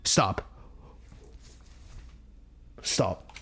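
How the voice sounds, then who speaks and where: A man voicing a stoic, curt young male student bodyguard in a video game, speaking tersely and deadpan. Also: extremely slow. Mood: cold, steady. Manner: terse, deadpan, low and flat.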